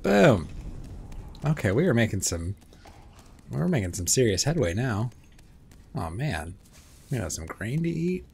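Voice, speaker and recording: A man's voice: mid-range voice, big pitch swings, moderate pace, gravelly, pauses often, darkish tone, a little hiss or hum. A man giving casual, muttering commentary while playing a video game, swearing and talking to himself. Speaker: gameplay commentator. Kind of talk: casual let's-play commentary.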